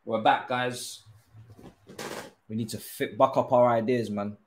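Slow-talking exasperated young British gamer. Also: male voice, medium pitch, fairly even intonation, reverberant. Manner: exasperated, groaning and swearing, swinging to loud cheers. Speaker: gaming streamer. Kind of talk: live gameplay commentary.

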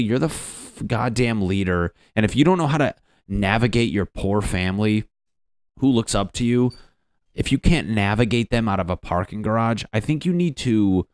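A man from Connecticut rambles through a solo comedy podcast with a deep, low voice. He swears freely and mocks himself as he riffs. The sound is dry and close. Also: expressive, normal speed, no room sound. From Connecticut, USA. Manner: profane, self-mocking, riffing. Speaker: podcast host.

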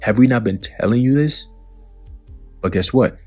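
Soft music plays behind a man with a mid-range, slightly mellow, breathy voice at a moderate pace. He's a religious commentator who reads out news quotes and answers them with profane preaching, sardonic asides and mocking laughter.

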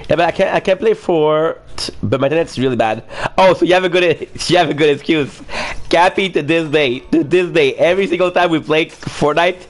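A man's voice: a little high, a little fast. A man chatting casually with friends online, joking, teasing and laughing often, swearing freely.

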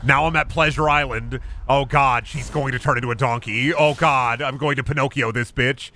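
Sarcastic, bright-voiced young man streaming a game. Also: medium pitch, steady tone, moderate pace, slight background noise. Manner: sarcastic, profane, jokey. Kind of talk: live gameplay commentary.

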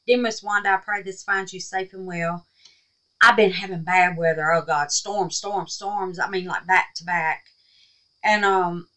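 A woman's voice: mid-range voice, a bit bright, poor audio. A woman hosting a crafting vlog at home, chatting in a folksy, affectionate way and often dropping to a near whisper. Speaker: crafting channel host. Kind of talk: casual crafting vlog chat.

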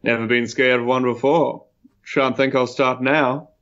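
A man's voice: medium pitch, fairly even intonation, measured pace, a bit bright, close to an everyday voice. A man playing a pompous, boastful swashbuckling adventurer with a theatrical manner, on a dull lo-fi mic.

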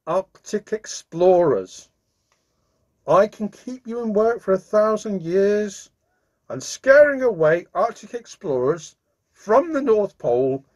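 A man's voice: sits high, darkish tone, voice pushed up, full character voice. Man doing a hearty Santa Claus. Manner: hearty and brisk. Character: merry, kindly old Santa Claus, brisk.

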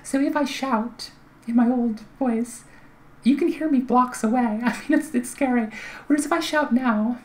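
A woman's voice: on the high side, normal speed, a little mellow, a little hiss or hum, rough recording. A woman with a light voice that carries little volume, explaining in a casual, chatty way with fillers and restarts. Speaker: vlogger giving voice tips.

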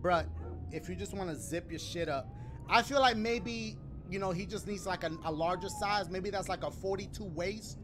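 A man giving casual let's-play commentary over a game, slangy and animated, with sudden loud exclamations. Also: high-pitched, moderate pace, background noise. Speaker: gaming commentator. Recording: game music playing underneath.

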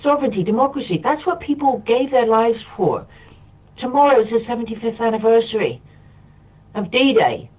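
A man's voice: very high-pitched, lively intonation, fairly quick, breathy edge. Emotional man on a distant phone line. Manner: rambling, impassioned, repeats himself. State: emotional, close to tears. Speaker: radio show guest. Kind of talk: impassioned monologue.

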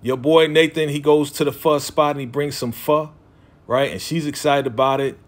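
A man's voice: a little high, steady tone, moderate pace. A man talking casually as a TV recap vlogger, loosely quoting characters in his own voice with lots of fillers. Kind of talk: casual chat.

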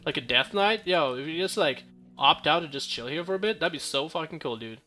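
A man's voice: a little high, lively intonation, brisk, pushed and bright. A young man giving casual, joking gameplay commentary, full of profane trash talk and rambling asides.

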